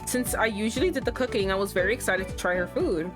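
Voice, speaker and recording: Animated swearing young woman streamer. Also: medium pitch, fast, music in the background. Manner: animated, swears, reads game text aloud. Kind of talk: casual gameplay commentary.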